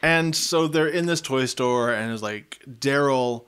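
A man's voice: mid-range voice, a little slow, a bit bright, smooth. A man co-hosting a podcast, recapping a TV episode in casual chat, joking and laughing often. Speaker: podcast co-host.

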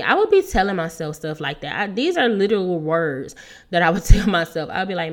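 A woman's voice: on the low side, big pitch swings, fairly quick. A thirty-year-old woman hosting a solo podcast, talking in a casual, earnest way and laughing often. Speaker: podcast host.

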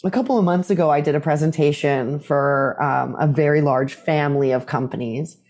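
Speaking at medium pitch and a moderate pace, this casual interview guest spins lively stories and performs the voices of others as he quotes them.

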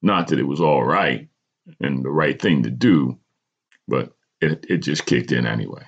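A man's voice: rumbling low, a little slow, vocal fry, breathy edge. A man hosting a podcast, reading a personal story aloud with dramatic storytelling and small stumbles, on a dull lo-fi recording. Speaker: podcast host.

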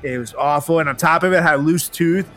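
A man's voice: a little high, fast, a bit bright, soft background music. A young man hosting a comedy podcast, telling a funny personal story in a profane, laughing, playful way.

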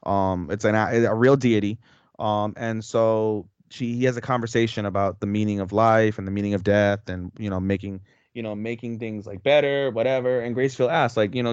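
A man's voice: on the low side, fairly even intonation, brisk, clear, resonant tone, dry recording, dull audio. A man co-hosting a podcast, recapping a story in a rambling, slangy way with heavy swearing. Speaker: podcast co-host. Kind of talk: casual recap chat.

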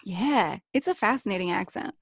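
A woman's voice: mid-range voice, lively intonation, normal speed, creaky, husky, no echo, clean studio sound. A woman from North Carolina in a casual interview, slipping in and out of put-on regional accents and laughing often. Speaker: guest demonstrating accents.

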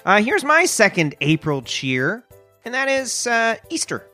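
A man's voice: extremely high pitch, wildly swooping pitch, a little slow, sharp tone, soft background music. A man co-hosting a comedy podcast, telling absurd stories with dry irony in casual chat. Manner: dry ironic storytelling. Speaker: podcast co-host.

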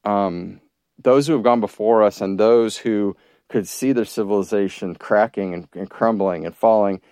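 Low-voiced man rambling on a podcast. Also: a little mellow, smooth, dry recording, clean studio sound. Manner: rambling, with many restarts and fillers. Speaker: podcast host. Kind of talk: casual monologue.

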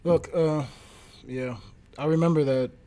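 A man hosting a casual chat who tells stories in a relaxed way. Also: on the high side, measured pace. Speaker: host.

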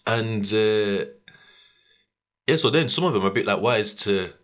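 A young man, hosting a podcast and telling a story in slangy, animated casual chat, laughing often and acting out what people said. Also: lowish voice, measured pace. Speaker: podcast host.

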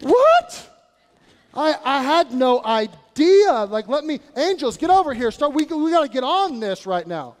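A man's voice: very high voice, big pitch swings, unhurried, long reverb tail, soft background music, voice pushed up, exaggerated voice. A man voicing God as a startled, flustered figure caught off guard, sputtering and stammering comically.

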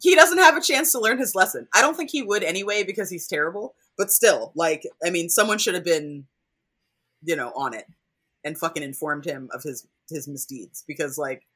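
A podcast co-host in a casual recap chat, talking in a profane, animated, slangy way. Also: mid-range voice, fairly quick, breathy edge.

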